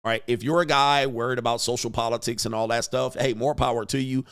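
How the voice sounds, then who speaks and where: A man's voice: mid-range voice, fairly even intonation, fast talker, a bit bright, clear, resonant tone. A man hosting a casual livestream, joking loosely with slangy, profane street talk, laughing often and reading viewer comments aloud. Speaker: livestream host.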